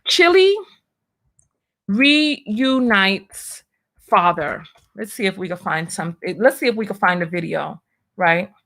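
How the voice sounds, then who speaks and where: A woman hosts a casual commentary show, talking wryly, asking rhetorical questions, and reading out viewer donations. She's talkative, and her voice is on the low side, fairly quick, gravelly, and a bit bright.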